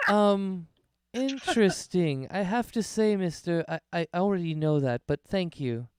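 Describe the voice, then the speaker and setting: A man's voice: high-pitched, lively intonation, a little slow, a little mellow, clean tone, voice pushed up. A man voicing a chatty, hospitable wood elf innkeeper woman in a tabletop game, talking in a fluttery, eager-to-please way.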